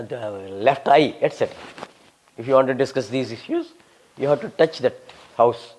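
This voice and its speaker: Fast-talking older man, Telugu accent. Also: mid-range voice, a little mellow. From Telugu-speaking South India. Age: 60s. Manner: fast-talking, humorous, emphatic. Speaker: visiting scholar answering questions. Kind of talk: lecture-style Q&A.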